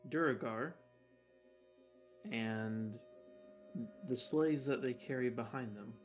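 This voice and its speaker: A man narrating as game master in a casual, conversational tone, calling for rolls and describing the scene. His voice sits at an ordinary pitch. Soft music plays faintly beneath him. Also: slow.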